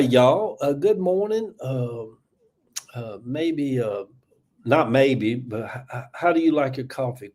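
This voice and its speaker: A man's voice: mid-range voice, darkish tone. A man in his seventies with a Southern US accent, chatting casually and folksily on a morning livestream, laughing often. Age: 70s. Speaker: livestream host. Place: home.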